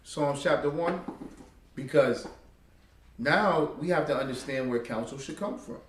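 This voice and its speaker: A man preaching a street-style sermon, emphatic and full of slang and rhetorical questions, at times rising to a loud exhortation. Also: a little high, a little slow, a little hiss or hum. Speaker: preacher teaching a religious group. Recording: echoey room, far from the mic.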